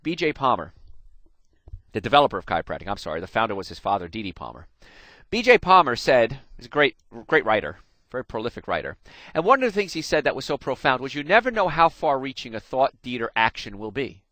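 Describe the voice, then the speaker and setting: A slightly quick, mid-range voice belongs to a middle-aged man from New Jersey, USA, whose accent is mildly noticeable. He hosts a radio health program in a folksy, storytelling manner, animated and talking right to his audience. The studio microphone captures no echo.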